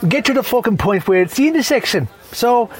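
A middle-aged Irish man rants in a high, swooping voice, swearing in nearly every breath. He rambles from complaint to complaint with a tipsy, rough-edged comic energy. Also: lively intonation, fast talker. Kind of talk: profane comedic rant.

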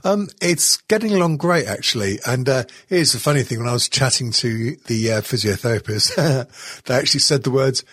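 A man's voice: medium pitch, expressive, normal speed, fairly bright tone, breathy edge, no echo, clean studio sound. A middle-aged man hosting a podcast, stoned on edibles, rambling and swearing with lots of fillers and giggles. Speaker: podcast host. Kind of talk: casual podcast chat.

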